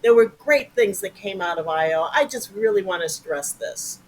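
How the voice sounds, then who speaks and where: A woman guest telling stories in a casual interview, animated and profane, acting out voices. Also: medium pitch, moderate pace, a little hiss or hum, poor audio.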